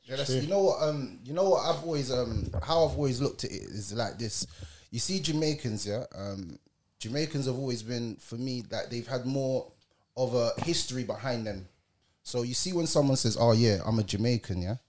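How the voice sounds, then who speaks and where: A man's voice: mid-range voice, normal speed, a little mellow. Reflective man, faint background noise. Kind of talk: casual group chat.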